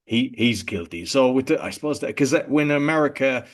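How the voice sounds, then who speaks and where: A man hosts a podcast and puts questions to his guest. He keeps an easygoing, conversational tone. His voice sits at a middle pitch. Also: expressive, a little fast. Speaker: podcast host. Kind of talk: interviewer asking questions.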